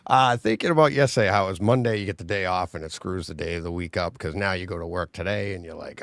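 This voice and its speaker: A man hosting a podcast in casual chat, animated and laughing often as he talks. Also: low-pitched, fast talker, hardly any pauses, no room sound, studio quality. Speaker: podcast host.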